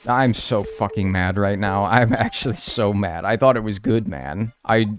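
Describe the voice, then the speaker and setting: A man's voice: fairly low pitch, normal speed, soft background music. A young man streaming a game live, talking to his viewers with playful mock outrage and a lot of swearing.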